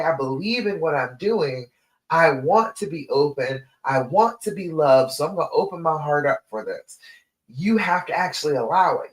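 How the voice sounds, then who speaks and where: This relationship coach is a woman whose voice sits on the low side, captured in a rough recording. Addressing livestream viewers as honey, she offers encouragement and instruction, going over steps and lists repeatedly.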